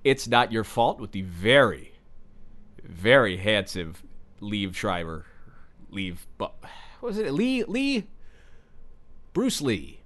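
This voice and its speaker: A man hosting a comedy podcast as a self-important acting coach, rambling in a halting, stumbling way full of fillers and absurd tangents. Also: lowish voice, very animated, a bit bright. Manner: halting, stumbling over words with many fillers. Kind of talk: rambling deadpan comedy monologue.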